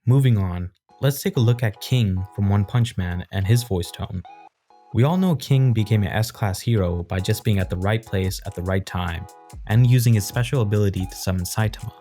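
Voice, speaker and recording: A man calmly explaining his points in an analytical video essay. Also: on the low side, moderate pace, soft background music.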